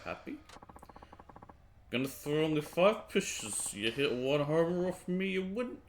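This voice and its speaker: A man voicing a boisterous drunk middle-aged former baseball pitcher, talking in folksy old-timey slang. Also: very animated, brisk, fairly bright tone, slight background noise. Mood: boastful. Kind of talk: reading game dialogue aloud.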